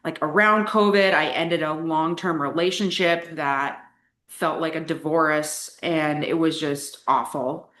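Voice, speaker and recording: A woman's voice: sits low, steady tone, a little slow, a bit bright. A young adult woman, a coaching client, telling her personal story in a casual, candid way, with lots of "like" fillers. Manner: candid, chatty, frequent "like" fillers. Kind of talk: casual interview talk. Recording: echoey room.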